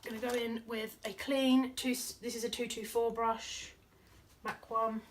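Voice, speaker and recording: A woman's voice: a little high, little pitch movement, a little slow. A woman, a makeup artist talking through a look in casual, playful chat as she works. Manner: chatty, playful, giggly asides. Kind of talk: casual tutorial chat while working. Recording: slightly distant mic with faint noise.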